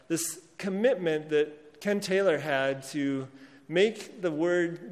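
A man preaching a sermon in an earnest manner, pausing and restarting as he speaks and lifting his voice when reading scripture. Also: on the high side, in a large hall. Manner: earnest, reads scripture aloud with rising emphasis. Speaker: pastor.

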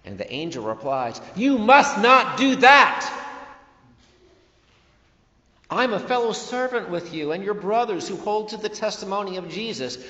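A man preaching a sermon slowly and emphatically, rising to loud declarations and dropping to quiet phrases. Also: high-pitched, expressive. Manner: slow, emphatic preaching with swings between loud and soft phrases. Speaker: pastor. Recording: dull, echoey hall recording.

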